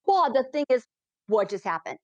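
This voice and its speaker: A woman balloon pilot telling heartfelt stories as a guest in an interview, animated and quick in bursts. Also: fairly high pitch, dry recording, lo-fi sound. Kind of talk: emotional storytelling in a podcast interview.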